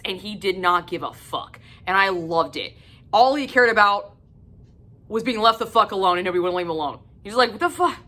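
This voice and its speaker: A woman casually reviewing a book in a vlog, excited and profane, laughing often and breaking into high squeals.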